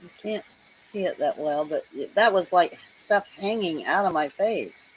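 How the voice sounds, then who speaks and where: A woman's voice: lowish voice, lively intonation, unhurried, slight background noise, low-quality recording. A woman talking bluntly as a guest in a casual livestream chat.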